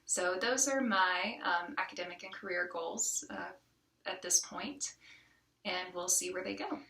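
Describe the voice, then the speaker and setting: A woman's voice: lowish voice, unhurried, sharp tone, echoey room, recorded from a distance. A woman from the Southern United States with a light Southern accent, giving a chatty, casual self-introduction as a college student, with frequent ums and restarts.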